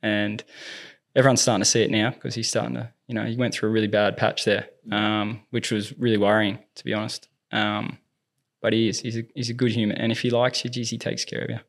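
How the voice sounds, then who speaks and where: An Australian man, a tennis movement coach, telling lively anecdotes in a casual interview. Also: fairly low pitch, fairly quick, gravelly. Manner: lively anecdotes, acts out quoted dialogue.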